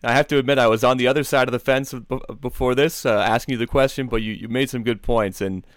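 A man hosting a podcast, asking interview questions in a measured, conversational way. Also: mid-range voice, fairly even intonation, no echo, studio quality. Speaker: podcast host.

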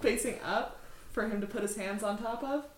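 A woman playing a tabletop role-playing game with friends, talking someone down with a calm, slow, soothing pep talk. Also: mid-range voice, reverberant, rough recording. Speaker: player.

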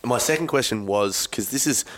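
A man's voice: mid-range voice, moderate pace, a bit bright. A man hosting a podcast, asking long rambling questions in a casual chat and cracking jokes. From Australia. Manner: rambling questions with many fillers and restarts, joking. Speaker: podcast host.

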